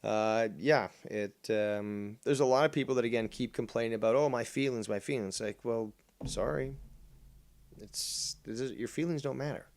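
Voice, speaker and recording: A middle-aged man hosting a casual call-in show, talking in a calm, droning monotone and cursing bluntly without ever raising his voice. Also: medium pitch, normal speed, creaky. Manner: calm, never yells, blunt and profane. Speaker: show host.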